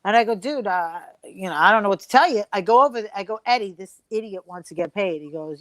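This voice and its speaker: A woman's voice: mid-range voice, expressive, fast talker, few pauses, heavy background noise. A woman comedian telling a profane, brash story at a comedy round table, acting out the other voices in it. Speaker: comedian guest.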